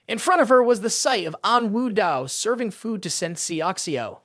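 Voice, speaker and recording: A narrator reading a scripted story recap in a brisk, even storytelling manner. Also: medium pitch, dry recording, clean studio sound.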